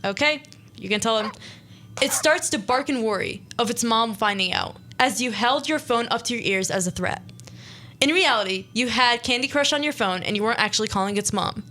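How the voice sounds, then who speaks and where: Young female radio host, high-ish voice, casual storyteller who keeps stopping to chat. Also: fairly quick, pushed and bright. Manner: chatty, self-interrupting, reads the story aloud.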